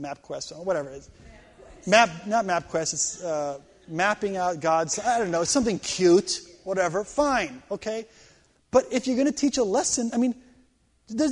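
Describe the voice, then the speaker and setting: A middle-aged man teaching a class on reading the Bible, animated and emphatic, with exasperated asides. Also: high voice. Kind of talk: classroom lecture.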